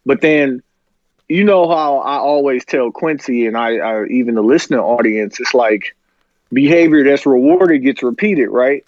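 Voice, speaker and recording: A man's voice: mid-range voice, moderate pace, darkish tone, no room sound, lo-fi sound. A man co-hosting a podcast, telling a story in a loose, laid-back way full of slang. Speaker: podcast co-host. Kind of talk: casual podcast chat, storytelling.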